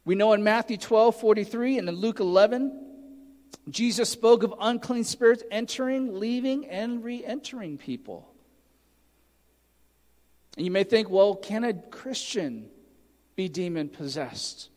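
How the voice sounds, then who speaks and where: A man's voice: high-pitched, a little slow, a little mellow, long reverb tail. A man preaching a sermon, earnestly teaching and reading scripture aloud with emphasis. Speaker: pastor.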